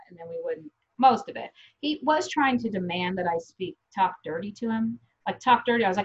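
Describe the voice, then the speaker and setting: A woman talking frankly in a casual chat, swearing freely as she tells her stories. Her voice sits at an ordinary middle pitch. The recording sounds a little dull and lo-fi. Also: animated, brisk. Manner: blunt, profane, storytelling. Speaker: guest. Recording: slightly dull lo-fi audio.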